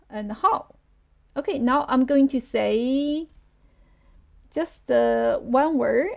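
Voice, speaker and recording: A woman's voice: high voice, gravelly, a little mellow. A woman with a Chinese accent teaching a live online lesson, patiently repeating words for her learners.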